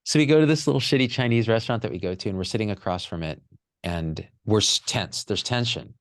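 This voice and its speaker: A man's voice: fairly low pitch, quick pace, no echo. A man telling a raw personal story with candid emotion, swearing freely as a podcast guest.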